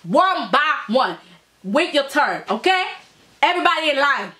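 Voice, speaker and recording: A woman's voice: high-pitched, big pitch swings, measured pace, sharp tone, exaggerated voice. A woman voicing an angry older man, a stern family patriarch who scolds his relatives and keeps repeating "okay?". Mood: scolding.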